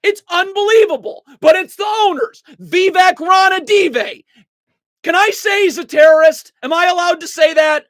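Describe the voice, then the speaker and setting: A basketball analyst giving an angry, exasperated play-by-play breakdown of game film, shouting and cursing, at times breaking into helpless laughter. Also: very high-pitched, normal speed, no echo.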